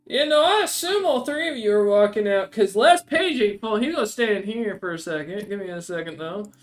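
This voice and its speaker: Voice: mid-range voice, animated, a little fast. A game master narrating a tabletop game in a loose, rambling way, laughing and swearing casually.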